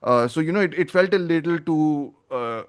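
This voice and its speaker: This film podcast host has a clean-toned voice that sits a little high, and he speaks at a normal speed. His casual review chat is rambling and opinionated, as if he's working out his thoughts aloud.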